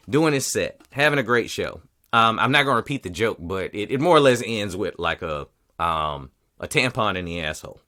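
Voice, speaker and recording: A man's voice: fairly low pitch, pushed and bright. A man hosting a podcast, telling a story in casual, profane chat and acting out other people's lines. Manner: profane storytelling, acts out quotes. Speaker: podcast host.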